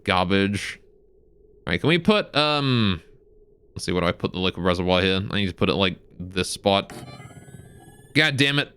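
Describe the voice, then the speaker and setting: A man's voice: sits low, expressive, normal speed, pauses often, bright, forceful tone, clean tone. A man streaming a game live, cursing and muttering as he plays and breaking off to chat with viewers. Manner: talks to viewers between game instructions. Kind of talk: live gameplay commentary.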